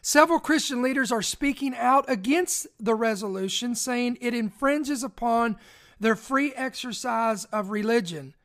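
A woman hosting a live news commentary stream, reading quoted passages aloud, slowing down and repeating key lines, often stumbling and restarting words as she talks straight to her viewers. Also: a little high, fairly bright tone. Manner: rereads key phrases slowly for emphasis, addresses viewers directly.

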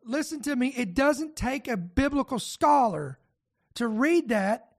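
A man's voice: very high voice, big pitch swings, unhurried, creaky. A man preaching a podcast sermon, fervent and emphatic, firing off rhetorical questions and warnings.

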